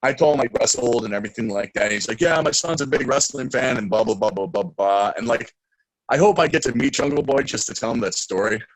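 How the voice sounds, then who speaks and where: A young man, a guest in a casual interview, telling stories excitedly and acting out quotes loudly. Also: fairly low pitch, fast, husky, no echo, rough recording.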